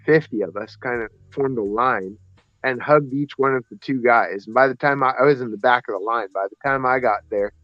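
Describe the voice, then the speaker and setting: A man's voice: mid-range voice, a little fast, a bit bright, dry recording. A man casually telling a personal story on a podcast, rambling and correcting himself as he goes. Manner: rambling, self-correcting, acts out voices in his stories. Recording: dry, slightly muffled podcast audio.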